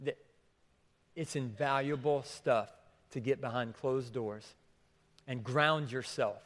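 A man preaching a sermon as pastor, repeating questions for emphasis and swinging between hushed and raised delivery. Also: medium pitch, takes it slowly. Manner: repeats questions for emphasis, drops to near whisper then rises. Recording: long hall reverb.

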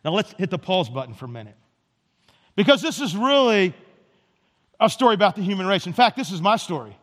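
A man's voice: high-pitched, very animated, fairly quick, pauses often, fairly bright tone. A man pastor preaching a sermon with an emphatic, repetitive cadence, in a church sanctuary. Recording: reverberant church hall.

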